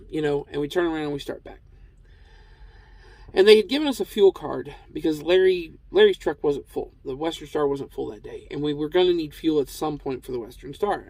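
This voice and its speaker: A truck driver telling a casual, rambling story, with lots of fillers and restarts. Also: male voice, fairly high pitch, a little mellow, dry recording, rough recording.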